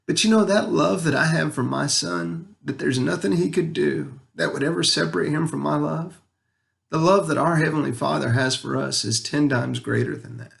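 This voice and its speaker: A man sharing a heartfelt personal story about his son and his faith, talking earnestly with pauses and restarts, at times emotional. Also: on the high side, gravelly. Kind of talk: personal spiritual reflection to camera.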